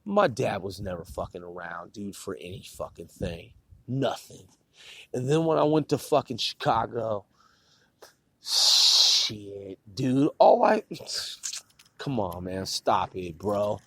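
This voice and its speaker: A man's voice: lowish voice, sing-song, slow, bright, forceful tone, breathy edge, dry recording. Man venting angrily into a phone, swearing a lot, with a dry, close sound. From Puget Sound area. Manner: profane, repetitive, heated. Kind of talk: angry rant to camera.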